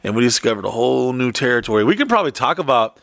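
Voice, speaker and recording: Florida man co-host, mid pitch, joking and crude, dry close sound. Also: big pitch swings, racing, creaky, a bit bright, no room sound. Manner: joking, swears a lot. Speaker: podcast co-host. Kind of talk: casual podcast chat.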